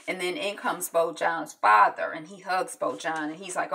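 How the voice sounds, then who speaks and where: Woman doing a chatty tv recap, bright voice, lots of um and you know, a bit off mic. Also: fairly low pitch, steady tone, moderate pace, gravelly, hardly any pauses, distant mic. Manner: chatty, full of fillers and "is like" quotes. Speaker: TV show recapper. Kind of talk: casual episode recap.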